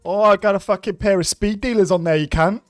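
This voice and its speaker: A man voicing a brash, crude Australian bloke in a loud, boastful put-on Australian accent, higher than his own voice. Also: brisk, no echo, soft background music, natural voice.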